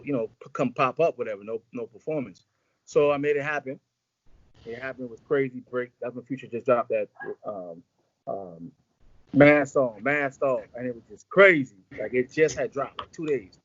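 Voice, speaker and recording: A man's voice: medium pitch, no room sound, highs cut off. A man in a casual interview, telling long rambling stories full of slang and acted-out quotes. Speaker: music executive guest.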